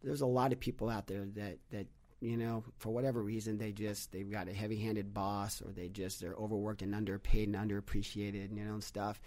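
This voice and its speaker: A man telling stories on a podcast in a casual, animated way, acting out quotes and restarting his sentences often. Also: fairly low pitch, brisk. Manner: animated storyteller with many restarts, acts out quotes. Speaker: podcast guest, business leader. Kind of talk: casual conversational storytelling.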